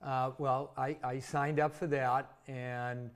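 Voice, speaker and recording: A man in his sixties from Massachusetts, speaking at a mid-range pitch. He tells stories as an interview guest in a relaxed, conversational way. The stories are vivid, and he pokes fun at himself. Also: takes it slowly. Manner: chatty, vivid anecdotes with self-deprecating humor. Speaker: interview guest, former teacher. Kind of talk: casual storytelling in an interview.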